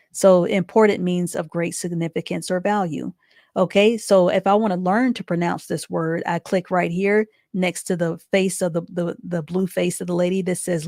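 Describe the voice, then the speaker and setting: A woman teaching a live online reading class, patiently repeating each explanation step by step and reading sentences out slowly. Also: on the low side, a little mellow, no room sound, clean studio sound. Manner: reads sentences out slowly and deliberately.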